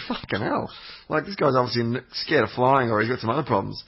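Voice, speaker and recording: At a moderate pace, a man with a medium-pitched, breathy voice spins a wandering travel story on a podcast he regularly appears on. It's sweary and anecdotal, full of fillers and restarts, and the audio sounds muffled and low quality.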